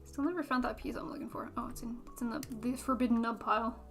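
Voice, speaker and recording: A woman's voice: on the high side, fast talker, faint music behind. A young woman streaming casually, playfully scolding her pet cat while building kits.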